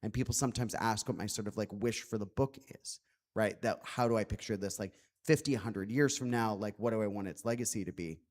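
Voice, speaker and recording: A man's voice: fairly low pitch, brisk, a little mellow. A man speaking as an author at a public book talk, earnest and reflective, with many "like" fillers.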